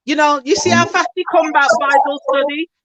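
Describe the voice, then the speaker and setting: A woman talking bluntly and emphatically in a casual recap chat. Her voice sits somewhat high. The sound is dry and close. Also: steady tone, brisk, a bit bright, dry recording, poor audio. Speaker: co-host.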